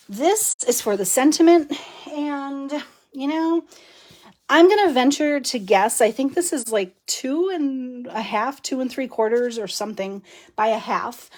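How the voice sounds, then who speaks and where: A woman's voice: high-pitched, a little mellow. Middle-aged woman, live craft demo host, easygoing and chatty, laughs between steps. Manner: chatty, laughs often, talks while working. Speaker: card-making demonstrator.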